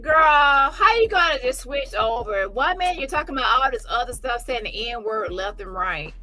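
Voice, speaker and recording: A woman hosts a reaction commentary with a very bright, forceful voice that sits a little high. She talks bluntly and mockingly, laughing often. Faint music plays underneath. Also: expressive, moderate pace. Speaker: commentary channel host. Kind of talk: reaction commentary on a live stream.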